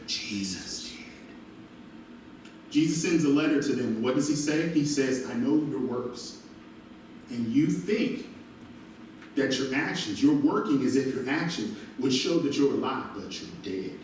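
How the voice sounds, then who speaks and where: A male pastor preaching an animated sermon, recorded from a distance in a church. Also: medium pitch, normal speed, slight background noise. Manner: animated preaching with call-and-response asides. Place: church sanctuary. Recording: very echoey church from far off.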